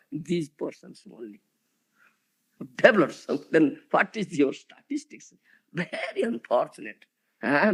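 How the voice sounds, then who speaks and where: A man's voice: sits high, gravelly, fairly bright tone, slightly rough. A man giving a devotional lecture as a spiritual teacher, peppering it with rhetorical questions like "huh?" and "isn't it?" to his audience.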